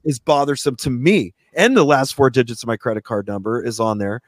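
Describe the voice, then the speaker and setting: A man's voice: medium pitch, brisk, no room sound, studio quality. A man hosting a radio talk show, telling a long story in a casual, swearing rant and acting out what other people said. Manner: animated, swears, acts out quoted people.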